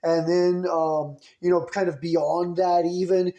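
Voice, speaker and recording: A man's voice: high-pitched, little pitch movement, takes it slowly, hardly any pauses, warm tone. A man riffing in a comedic monologue, rambling and sarcastic, bouncing between ideas. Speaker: podcast host.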